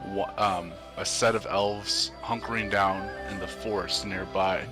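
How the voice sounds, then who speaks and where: A man narrating as dungeon master of a tabletop game, describing scenes with halting restarts and fillers. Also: low-pitched, fairly even intonation, over music.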